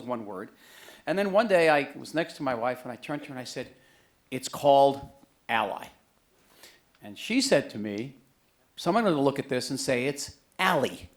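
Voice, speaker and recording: A middle-aged man giving a book talk to an audience in a museum auditorium, conversational and joking. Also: medium pitch. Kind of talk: public lecture to an audience.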